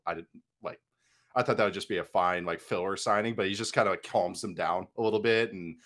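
A man appearing as a guest analyst on a sports podcast, chatting casually, quick and joking with frequent laughter. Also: low-pitched, fairly bright tone.

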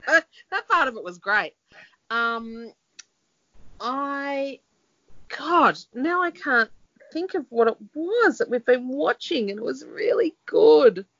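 A woman's voice: sits high, sing-song, takes it slowly, a bit bright. A middle-aged woman, co-hosting a casual chat and rambling with many fillers. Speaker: podcast co-host. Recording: dull lo-fi sound.

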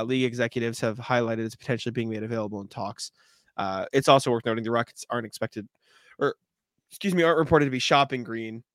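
A man's voice: mid-range voice, fairly bright tone, no echo. A man co-hosting a sports podcast in a shrugging, laid-back way, reading news items aloud. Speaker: podcast co-host. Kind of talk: casual sports chat.

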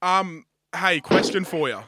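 A man, co-hosting a podcast in casual chat, excitable and teasing, laughing often. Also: sits high, measured pace, heavy background noise. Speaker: podcast co-host.

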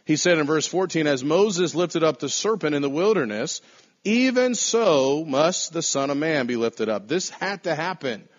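A man preaching a sermon to a congregation in measured, emphatic phrases, slowing down to stress key words. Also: on the high side, lively intonation. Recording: dull lo-fi sound.

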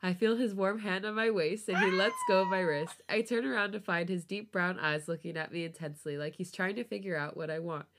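A woman reading a romance story aloud on a podcast, with a relaxed storytelling voice. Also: lowish voice, brisk, hardly any pauses, noisy background. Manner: laughs often, giggly reactions. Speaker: podcast host reading fan fiction aloud.

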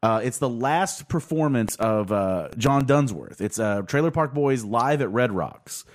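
A man hosting a podcast, chatting casually with friends and swearing as he rambles. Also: measured pace. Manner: rambling, swearing, lively pitch. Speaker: podcast host.

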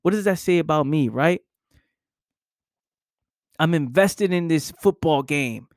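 A man's voice: fairly high pitch, expressive, measured pace, dry recording, studio quality. A young adult man giving an intense, profane motivational monologue, full of repetition and rhetorical questions. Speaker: motivational speaker.

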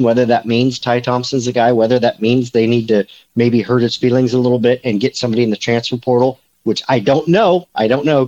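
A recruiting beat reporter co-hosts a casual sports podcast, his mid-range voice carrying a darkish tone. The audio is dull, and he rambles with plenty of fillers and restarts.

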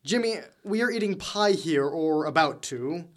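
A man's voice: a little high, expressive, moderate pace, close to an everyday voice. A young man acting a teasing, offhand frat brother in a college audio drama.

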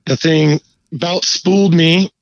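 A man telling a fishing story in a laid-back, profane, animated way during a casual chat. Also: on the high side, measured pace, no echo, lo-fi sound. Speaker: guest angler.

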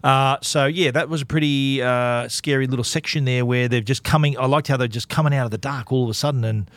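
A man co-hosting a casual podcast, walking through a film's plot in chatty fashion. His voice is medium in pitch. The sound is dry and close. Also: fairly even intonation, a little fast, fairly bright tone, no echo. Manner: chatty, recaps plot with quoted lines. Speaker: podcast co-host reviewing a film. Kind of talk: casual chat.

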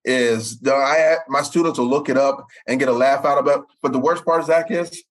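A man in his forties, a sportswriter, telling stories in an animated way and tripping over repeated words. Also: moderate pace, poor audio. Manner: animated, repeats words, jumps up in pitch for quoted voices. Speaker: sportswriter guest. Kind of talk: storytelling in conversation.

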